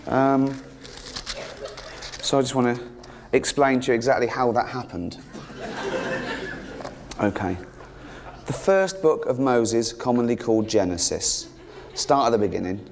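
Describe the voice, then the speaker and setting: A man's voice: unhurried, long pauses, background noise. Sardonic man doing stand-up. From England. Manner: sardonic, mocking, rising to high-pitched exasperation. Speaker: stand-up comedian. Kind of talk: stand-up routine. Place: theatre stage with live audience.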